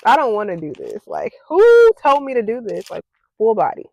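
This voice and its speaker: A young woman talks straight to her camera, voice high and swinging wildly from low mutters up to sharp squeals. She sounds panicky, with nervous laughter running through her talk, recorded close and dry with no room sound. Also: wildly swooping pitch, moderate pace, no room sound. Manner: says "like" and "y'all" a lot. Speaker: vlogger. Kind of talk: casual to-camera vlog.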